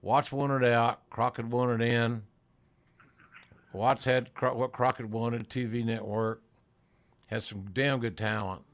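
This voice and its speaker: A man's voice: medium pitch, fairly even intonation, slow pace, long pauses. Folksy older man hosting a podcast. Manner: folksy, salty, chuckling storyteller. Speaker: podcast host. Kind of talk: casual interview chat.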